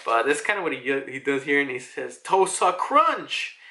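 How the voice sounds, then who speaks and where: Bright-voiced man rambling through a recap. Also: medium pitch, fast, creaky. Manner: rambling, filler-heavy, profane. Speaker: manga chapter reviewer. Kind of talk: casual chapter recap.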